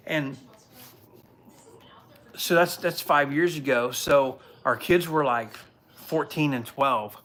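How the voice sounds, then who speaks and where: This police officer in his forties takes it slowly, pausing often, in a mid-range voice with a fairly bright tone. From his home he hosts a casual livestream, telling earnest stories that wander and restart.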